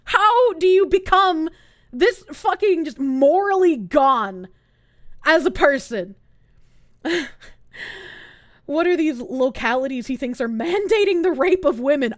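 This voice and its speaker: A woman's voice: very high voice, no echo, studio quality. A woman streamer ranting live in heated, sarcastic, profane commentary. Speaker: Twitch streamer.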